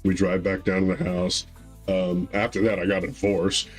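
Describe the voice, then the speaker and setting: Man, thirties, low voice, rambling storyteller, podcast chat. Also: flat delivery, moderate pace, faint music behind, rough recording. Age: 30s. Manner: rambling, acts out quotes with raised pitch. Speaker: podcast co-host.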